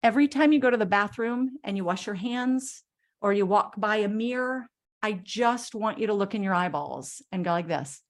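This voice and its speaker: A woman's voice: medium pitch, animated, moderate pace. A middle-aged woman, a self-love coach, giving an enthusiastic motivational talk to a group and acting out little quotes in a playful way.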